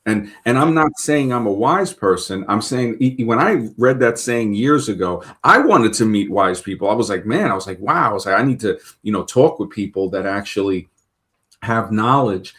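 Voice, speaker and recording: Low-voiced New host, chatty and rambling, trips over his own words. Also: expressive, moderate pace, a bit bright. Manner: rambling with many restarts and stammered repeats. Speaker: show host. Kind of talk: casual talk-show conversation.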